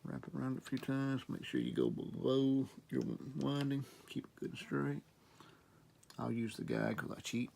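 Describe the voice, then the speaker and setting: Middle-aged Southern man, heavy vocal fry, laid-back workshop instructor, faint noise. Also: mid-range voice, moderate pace. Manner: relaxed, rambling, talks while working. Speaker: guitar repair instructor. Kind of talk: casual how-to demonstration.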